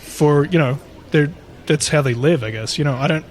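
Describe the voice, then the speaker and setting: A man with a fairly high speaking voice tells a creepy story to his co-host. He rambles, restarts and swears freely in a loose, chatty way. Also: normal speed. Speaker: podcast co-host. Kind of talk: casual storytelling chat.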